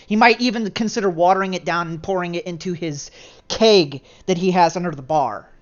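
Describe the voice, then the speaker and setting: A woman running a tabletop game as game master, narrating quickly and casually with many fillers. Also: lowish voice. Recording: dull lo-fi with faint music.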